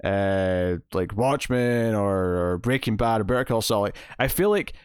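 A man's voice: on the low side, lively intonation, unhurried, clean tone, no room sound, clean studio sound. A man hosting a podcast, chatting casually and enthusiastically about a TV episode with many restarts. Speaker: podcast host. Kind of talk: casual TV recap chat.

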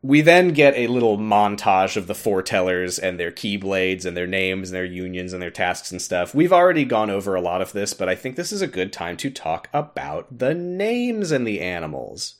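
Animated low-voiced male podcast host. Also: normal speed, few pauses. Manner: animated storytelling with laughs. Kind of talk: casual podcast recap.

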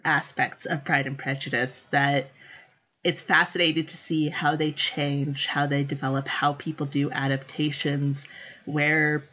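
Husky-voiced woman chatting away, animated, does little voices, dull lo-fi sound. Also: sits low, a little slow. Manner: animated, acts out quotes in character voices, laughs often. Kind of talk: casual chat about book adaptations.

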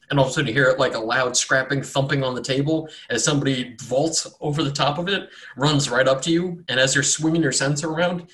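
A man's voice: mid-range voice, a bit bright. A man narrating as dungeon master for a tabletop game, casual and rambling. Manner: casual, rambling, filler-heavy.

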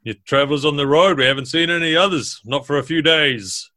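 A man's voice: fairly high pitch, a little fast, pushed and bright, no echo, studio quality, pitched above the performer's own voice. A man voicing a big male ogre leader who talks in a friendly, folksy way. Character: gruff male ogre leader, polite and easygoing.

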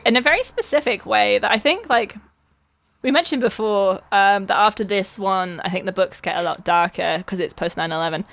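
A woman's voice: medium pitch, a little fast, vocal fry, a bit bright. A woman co-hosting a casual book-discussion podcast who is enthusiastic, swears casually and laughs a lot.

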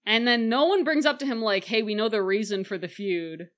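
A young woman co-hosting a podcast, recapping a movie in casual chat and acting out the characters in quick voices. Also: fairly high pitch, a bit bright. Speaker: podcast co-host.

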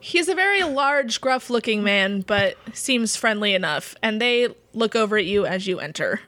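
A woman runs a tabletop game as its narrator, describing scenes in a loose, casual way with plenty of fillers. Her voice sits at a middle pitch. The recording is dry and close. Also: animated, moderate pace, bright, forceful tone, no room sound. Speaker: game master.

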